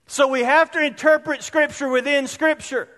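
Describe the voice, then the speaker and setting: High-voiced pastor preaching in a reverberant hall. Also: male voice, steady tone, moderate pace, a bit bright. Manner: conversational preaching, asks the congregation questions. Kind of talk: sermon. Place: church sanctuary.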